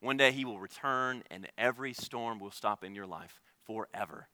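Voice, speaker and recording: A man preaching a sermon as pastor, earnest, swinging between loud emphasis and hushed, quiet lines. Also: lowish voice, normal speed, dry recording.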